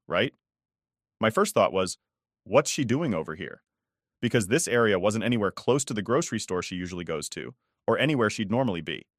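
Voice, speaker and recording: A man's voice: on the low side, dry recording, studio quality. A man in his thirties narrating a personal story in a casual, conversational way. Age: 30s.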